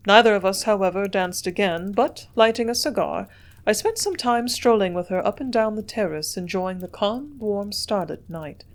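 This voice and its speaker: Woman narrating a classic novel, measured. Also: mid-range voice, expressive. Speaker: audiobook reader.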